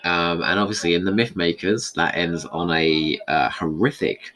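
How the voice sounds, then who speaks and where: A man's voice: low voice, steady tone, normal speed, crowd noise, low-quality recording. A man giving a casual, rambling commentary on an old episode, thinking aloud as he goes.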